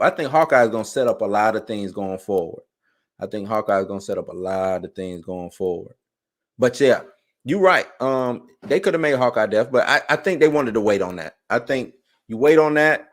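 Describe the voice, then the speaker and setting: A young man hosting a live stream, chatting in a loose, animated way with plenty of conversational asides. His voice sits at an ordinary middle pitch. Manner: animated, conversational, frequent "you know what I'm saying". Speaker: live show host. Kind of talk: casual live-stream commentary.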